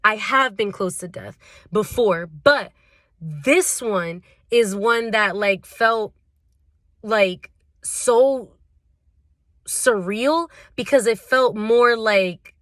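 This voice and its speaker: A woman's voice: fairly high pitch, a bit bright, dry recording, clean studio sound. A young woman vlogger telling a storytime tale in casual slang, full of fillers. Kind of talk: storytime vlog.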